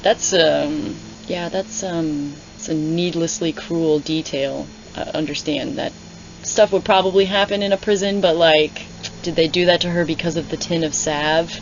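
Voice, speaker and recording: Low-voiced sarcastic woman reading along. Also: fairly even intonation, a little slow, noisy background. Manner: sarcastic, exasperated, rambling asides. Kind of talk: casual readalong commentary. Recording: slightly dull lo-fi audio.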